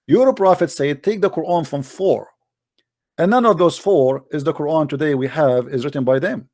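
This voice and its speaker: A man's voice: on the high side, a little mellow, dry recording. Argumentative man, dry close sound. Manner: argumentative, mocking, challenging. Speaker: host. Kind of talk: debate on a live call-in stream.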